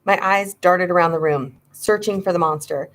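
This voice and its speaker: Lower-voiced woman reading a spooky story. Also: normal speed, fairly bright tone. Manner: dramatic, suspenseful reading. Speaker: audiobook reader. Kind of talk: storybook narration.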